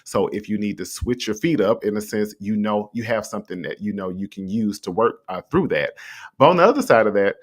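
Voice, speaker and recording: Low-voiced man hosting a motivational stream. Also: animated, brisk. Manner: conversational and encouraging, addresses listeners directly; swinging pitch when asking rhetorical questions. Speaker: host. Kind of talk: motivational livestream talk. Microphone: streaming setup with a mute button.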